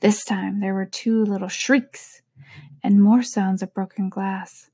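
A woman reading a storybook aloud in an unhurried, soft-spoken way, sometimes dropping to a whisper. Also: medium pitch, fairly even intonation, breathy edge, no echo, studio quality. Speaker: podcast reader.

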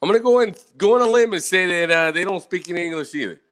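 Exasperated swearing man with a lively voice. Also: high-pitched, quick pace. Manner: sarcastic, exasperated, swears a lot. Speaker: host reacting to podcasts. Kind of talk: profane casual commentary.

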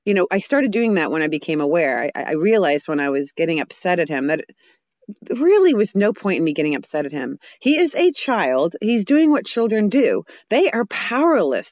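A woman speaking in a casual advice monologue about parenting, animated and often restarting her sentences. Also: fairly low pitch, no echo, muffled recording. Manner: animated, acts out parents and children in quick voices; frequent restarts and fillers.

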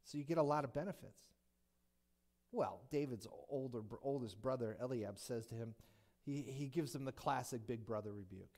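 A man's voice: mid-range voice, moderate pace. A male pastor preaching a sermon, retelling a Bible story with jokes and many rhetorical questions. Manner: animated, joking, rhetorical questions.

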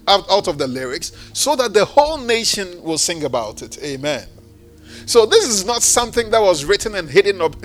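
A man preaching a sermon, reading scripture aloud with rising and falling emphasis. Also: high-pitched. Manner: expressive preaching, reads scripture aloud with swells and drops.

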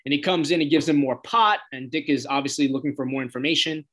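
A man with a slightly high, somewhat bright voice talks fast as he hosts a loose, chatty recap of a TV episode laced with profanity. He acts out quoted lines using different voices.

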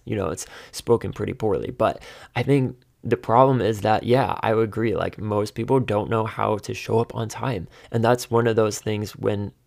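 A man's voice: mid-range voice, vocal fry, darkish tone. A man in his thirties talking alone on his podcast, rambling and exasperated, often laughing at himself. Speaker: podcast host. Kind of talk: casual solo monologue.

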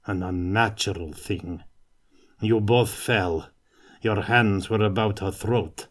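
A man's voice: fairly low pitch, slow. A man voicing a sickly, fearful little soldier who speaks grimly and plainly.

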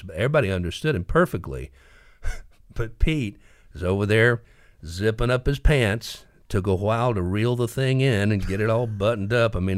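A male podcast host, telling a story and reading a local news roundup in a folksy, animated way, laughing often. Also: lowish voice, dry recording, studio quality.

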